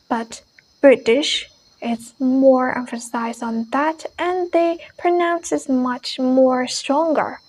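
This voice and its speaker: A woman teaching an English pronunciation lesson, explaining each point in a measured way and repeating every example word twice. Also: sits high, darkish tone, low-quality recording.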